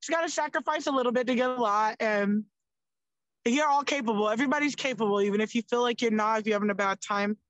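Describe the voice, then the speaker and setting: Young woman podcast guest, chatty and animated, higher voice. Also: fast, dry recording, dull audio. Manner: animated, lots of "like", swears freely. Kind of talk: casual chat.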